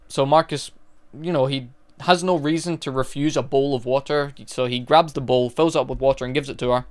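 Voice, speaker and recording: A man talks through a horror plot in a loose, chatty recap. He rambles along and stops to fix his own mistakes, in a steady mid-range voice. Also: mid-range voice, smooth. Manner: chatty, rambling, corrects himself as he goes. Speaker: movie reviewer. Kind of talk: casual spoken movie recap.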